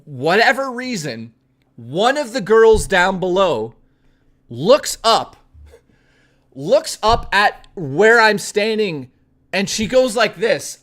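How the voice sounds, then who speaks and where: A high-voiced man spinning a yarn on his stream. He talks casually and animatedly, swears freely, and keeps insisting the story is real. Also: a bit bright.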